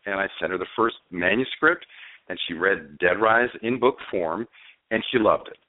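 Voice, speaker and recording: Deep-voiced man on a tinny phone line. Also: dry recording. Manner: animated storyteller, halting with fillers and restarts. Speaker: novelist and screenwriter guest. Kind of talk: phone interview, storytelling answers. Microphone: telephone.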